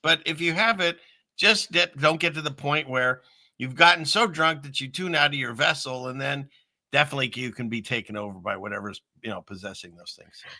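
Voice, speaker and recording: Bright, dry-voiced chatty man. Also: medium pitch, a little fast, dry recording. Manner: rambling, laughs often, chatty. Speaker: host. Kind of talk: casual talk show chat.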